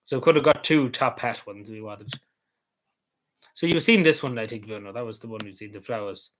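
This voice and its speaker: A vlogger from Ireland with a Cavan accent rambles through his travel photos, repeating points and swearing casually now and then. His hoarse voice sits at a middle pitch, with a fairly bright tone and a slightly quick pace.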